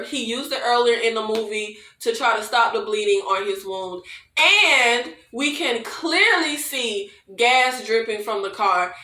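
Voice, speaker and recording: Animated chatty woman, echoey room. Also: fairly high pitch. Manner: animated, chatty, addresses viewers as y'all, laughs often. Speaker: movie reviewer. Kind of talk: casual movie recap.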